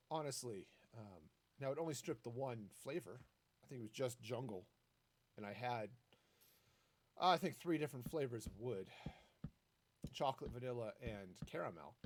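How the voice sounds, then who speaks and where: A man streaming a building game, chatting in a rambling, easygoing way as he plays. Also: slight background noise. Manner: chatty and rambling, lively swings in pitch. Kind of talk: casual gameplay commentary.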